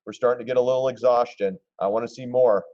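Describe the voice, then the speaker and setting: A man hosting a casual live stream, commenting on stock charts in an excitable, gleeful way and often clearing his throat. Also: mid-range voice, fast, muffled recording. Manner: excitable, gleeful when shorts pay off, throws in mocking voices.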